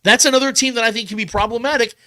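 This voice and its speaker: A man hosting a podcast, debating football predictions in a casual, animated way, often repeating himself to drive a point home. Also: extremely high pitch, very fast. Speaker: podcast host.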